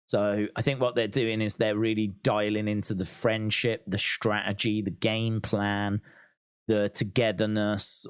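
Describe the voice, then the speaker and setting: A man's voice: fairly low pitch, clear, resonant tone, dry recording, clean studio sound. A man hosting a live wrestling watch-along, chatting casually and reading out viewer comments. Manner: chatty, reads out viewer comments, laughs often.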